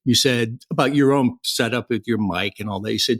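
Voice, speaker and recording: A man hosting a podcast, asking questions over a call in a relaxed, hesitant way and laughing along. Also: medium pitch, fairly quick, few pauses, no room sound, clean studio sound. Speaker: podcast host. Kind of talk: casual interview questions. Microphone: video call.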